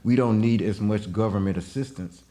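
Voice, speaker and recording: A man co-hosting a casual panel discussion, chatty and quick with agreeing interjections. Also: lowish voice, dark tone.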